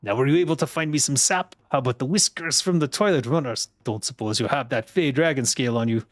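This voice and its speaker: A man's voice: medium pitch, quick pace, natural voice. A man voicing a scheming male game troll mixing a magic brew, in a clumsy put-on troll accent with a gloating, sing-song manner.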